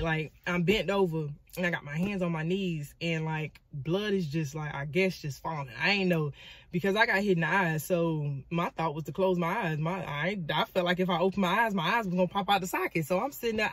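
A woman, from Florida, telling a personal story in a dramatic, animated vlog with frequent asides. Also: fairly low pitch, no echo. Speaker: vlogger and motivational speaker.

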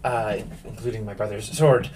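A man's voice: lowish voice, fairly even intonation, brisk, a little mellow, recorded from a distance, slight background noise, close to an everyday voice, low-quality recording. A man voicing a worried young noblewoman in a tabletop game, speaking earnestly and formally with hesitations.

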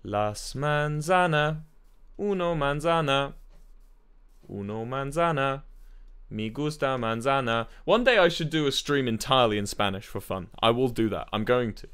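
Lively, bright-voiced male streamer. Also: mid-range voice, moderate pace, clear, resonant tone. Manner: playful, mock-Spanish banter, swearing. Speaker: streamer playing a video game. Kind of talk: casual live-stream chat.

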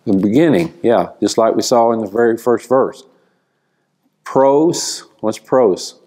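A man teaching a church Bible class, explaining slowly and asking the class questions. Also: mid-range voice, mellow.

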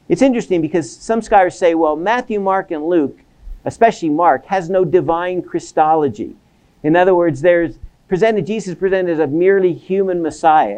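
A man's voice: high-pitched, darkish tone. A man giving a seminary lecture on the Bible. He asks questions and answers them himself, and keeps checking in with his listeners with "right?".

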